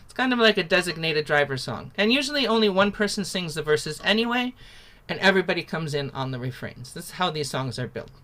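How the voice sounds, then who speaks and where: A woman runs an online singing workshop, talking through the song in a loose, chatty way. Her voice is bright and clear through a video-call mic, and she often stops to sing short phrases as examples. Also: lowish voice, very animated, quick pace. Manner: demonstrates sung syllables between spoken explanations; chatty and informal, with many fillers. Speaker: singing teacher.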